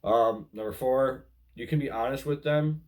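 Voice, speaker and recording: A man's voice: medium pitch, moderate pace. A man talking casually to viewers about relationships, earnest and repetitive, often calling them guys. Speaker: relationship advice vlogger. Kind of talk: casual spoken advice.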